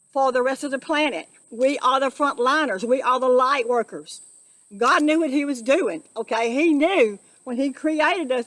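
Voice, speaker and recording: A woman's voice: high voice, a bit bright, no echo. A woman giving an earnest, emotional spiritual monologue, preaching and repeating herself. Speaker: spiritual vlogger.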